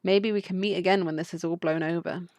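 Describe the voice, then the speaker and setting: A woman's voice: fairly low pitch, fairly even intonation, brisk, darkish tone, dry recording, close to an everyday voice. A woman reading the lines of a cautious young female bird from a game, with brief, concerned warnings.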